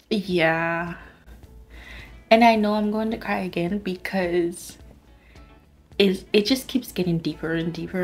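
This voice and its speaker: A woman's voice: fairly low pitch, fairly even intonation, slow, long pauses, faint music behind. A woman vlogging about her reading in casual chat, gushing and full of "like" fillers. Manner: chatty, gushing, many "like" fillers. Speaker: book vlogger.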